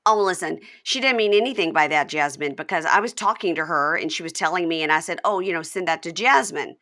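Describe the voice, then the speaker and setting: A woman putting on the voice of a calm, defensive fiancé who talks in a flat, placating way. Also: lowish voice, brisk.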